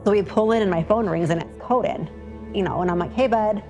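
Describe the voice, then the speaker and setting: A woman's voice: mid-range voice, brisk, music in the background. A woman in a documentary interview, retelling events and acting out what people said. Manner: retells events with quoted dialogue.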